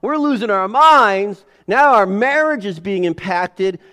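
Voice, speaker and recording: A man in his forties preaches a sermon in a relaxed, chatty way. His voice sits a little high. He acts out family scenes with lively animation. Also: a little slow. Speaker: pastor. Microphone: headset or lapel mic.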